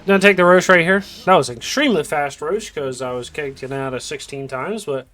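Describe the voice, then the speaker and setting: Casting a video game match, this man speaks fairly quickly in a fairly high, sharp-toned voice. His commentary is casual and meandering, packed with jokes and frequent "you know"s.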